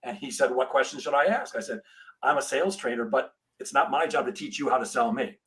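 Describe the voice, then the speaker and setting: Animated middle-aged man telling a story. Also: medium pitch, brisk, poor audio. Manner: animated storyteller, acts out dialogue. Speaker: sales trainer, guest. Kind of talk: storytelling in a podcast interview.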